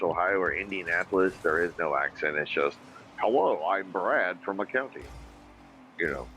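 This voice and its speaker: Deep-voiced man, rambling and profane. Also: a bit bright, low-quality recording. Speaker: livestream podcast host. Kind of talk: casual chat reading viewer comments.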